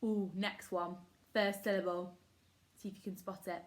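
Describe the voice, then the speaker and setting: A woman's voice: mid-range voice, flat delivery, normal speed. A woman teaching a phonics lesson to young children, upbeat and encouraging, sounding words out syllable by syllable. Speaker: primary school teacher.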